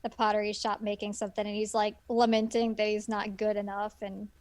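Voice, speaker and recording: A woman's voice: mid-range voice, monotone, brisk, darkish tone, no echo. A woman co-hosting a podcast, chatting casually about a film with wry, joking asides. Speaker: podcast co-host.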